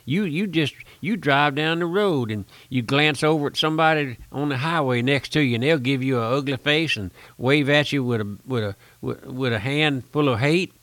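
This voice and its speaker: A man's voice: mid-range voice, normal speed, hardly any pauses, fairly bright tone, no room sound. An older man preaching a folksy radio sermon, pleading with the listener and rising to emphatic peaks.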